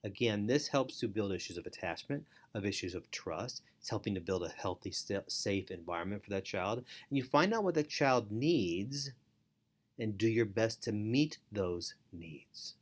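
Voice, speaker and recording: A man's voice: lowish voice, animated, normal speed. A middle-aged man teaching parents in an earnest instructional talk, repeating key phrases for emphasis. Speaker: foster parent and parenting educator.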